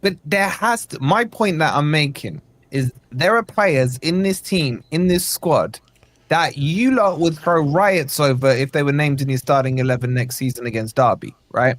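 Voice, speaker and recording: A man with a mid-pitched voice argues his case hard in a casual football chat. The sound is dry and close. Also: moderate pace, dry recording. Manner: argumentative, pushes his point. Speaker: football fan show host.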